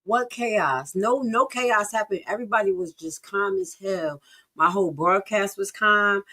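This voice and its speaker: A woman streamer with reacts in heated, sarcastic bursts. She curses freely and drops from loud outbursts to low mutters. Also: unhurried. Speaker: live-stream commentator. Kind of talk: profane reaction commentary.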